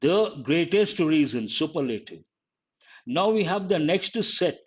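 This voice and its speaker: A man's voice: fairly high pitch, big pitch swings, measured pace, breathy edge. A man teaching grammar in a live exam-prep class, explaining step by step and repeating key phrases. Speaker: English teacher. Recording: dull lo-fi online class audio.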